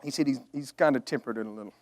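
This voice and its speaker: A man's voice: medium pitch, very fast, darkish tone. A middle-aged man preaching a storytelling sermon, earnest and emotional, swelling to emphatic outbursts.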